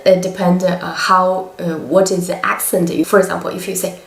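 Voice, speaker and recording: A woman with a Chinese accent teaching a language lesson, explaining slowly with many pauses and hesitations. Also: fairly low pitch, monotone, vocal fry, reverberant.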